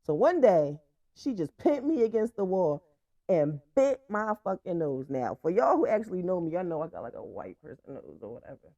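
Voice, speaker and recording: The Franklin, Virginia, USA, podcast host speaks on the low side with big pitch swings, a dark tone, and normal speed, with no echo. In a casual storytime monologue, the young woman is blunt, profane, and laughs throughout, and the lo-fi recording sounds dull and dry.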